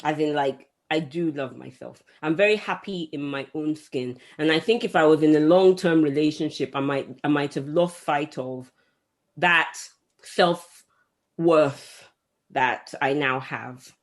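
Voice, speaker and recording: A woman co-hosting a podcast, reacting loudly and laughing in a casual group chat. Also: low voice, a little slow. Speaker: podcast co-host.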